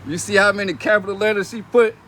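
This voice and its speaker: A man's voice: high-pitched, fairly even intonation, fast talker, a bit bright, slight background noise. A young man on a casual livestream, reading comments aloud and mocking them in a brash, profane way, laughing between lines. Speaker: reality TV personality reading comments on a live stream.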